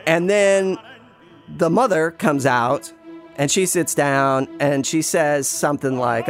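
A man's voice: fairly high pitch, unhurried, faint music behind. A man telling a rambling, self-deprecating personal story in a casual way, with many restarts and some swearing. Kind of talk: casual spoken anecdote.

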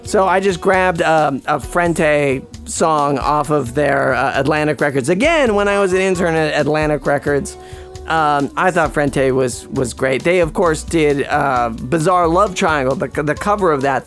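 Laid-back film commentator, slow rambling delivery, soft music bed. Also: medium pitch. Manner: rambling, lots of fillers and restarts, wry. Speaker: podcast host reviewing a film.

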